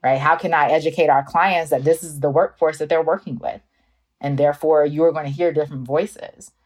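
A low-pitched woman from North Carolina talks through an interview. She is earnest and thoughtful and often laughs at herself. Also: fairly even intonation, a little fast, a little mellow. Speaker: guest, researcher. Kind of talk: interview conversation.

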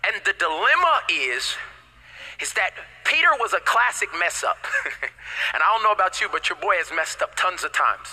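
A man preaching a sermon as pastor, animated and casual with slang, swinging between loud declarations and hushed asides. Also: high voice, normal speed, rough recording.

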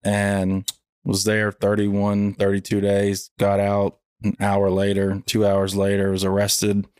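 Young male host, halting reflective chat, smooth voice, dry close mic. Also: fairly low pitch, completely flat delivery, a little mellow, no echo. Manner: halting, with many pauses and fillers. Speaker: podcast host.

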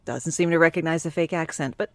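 A woman's voice: low-pitched, fast, no room sound. A woman co-hosting a casual movie recap podcast, with blunt, sarcastic put-downs. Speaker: podcast co-host.

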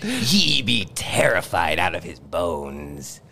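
A man voicing a gruff, boastful pirate captain who talks in mock-menacing pirate dialect. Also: deep voice, wildly swooping pitch, takes it slowly, a crowd in the background, heavily acted. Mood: gloating. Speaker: podcast co-host.

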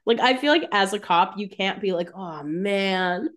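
A woman chats casually as a podcast co-host, dropping wry, joking remarks about a TV episode. Her voice sits at an ordinary middle pitch. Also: expressive, fairly quick, a bit bright. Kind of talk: casual chat.

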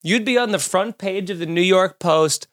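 A man hosting a comedy podcast, ranting in an animated, profane, mock-outraged way. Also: high voice, moderate pace. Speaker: podcast host.

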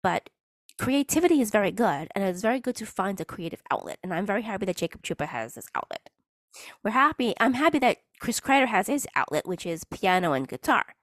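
A woman hosts her own casual solo podcast, her medium-pitched voice sing-song and a little fast. She rambles chattily, often breaking off mid-sentence to restart, and the studio-quality recording has no room sound.

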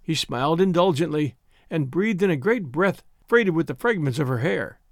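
A man narrating a classic short story in an expressive, measured reading voice. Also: a little high, dry recording, clean studio sound.

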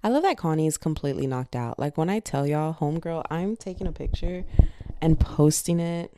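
A young woman hosting a podcast in slangy, animated casual chat, feeling a bit unwell. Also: low voice, brisk, clear, resonant tone, dry recording, studio quality. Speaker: podcast host.

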